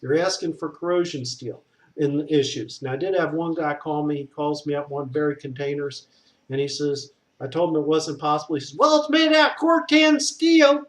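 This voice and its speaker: A man's voice: on the high side, fairly even intonation, brisk, a little mellow. Blunt, opinionated man. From Southern US. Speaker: structural engineer. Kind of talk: casual explanatory monologue.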